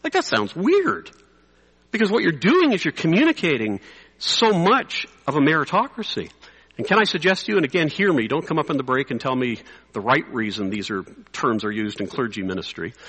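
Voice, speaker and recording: A man preaching in a reverberant hall, his voice lively and bright with a husky edge. He moves between animated teaching and a quiet, intense hush, speaking conversationally to fellow clergy. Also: medium pitch. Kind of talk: sermon.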